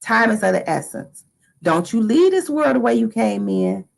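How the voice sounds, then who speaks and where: A middle-aged woman hosting a live motivational talk, lively and animated, acting out excited quotes. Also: on the high side, normal speed, creaky, low-quality recording. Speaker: motivational live-stream host.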